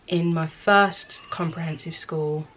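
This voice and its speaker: In a slow, low-pitched, steady voice with a bit of brightness, a young Birmingham-accented woman from England chats candidly about herself for a casual home vlog. She's chatty and self-deprecating throughout. Slight background noise is audible on the camera mic.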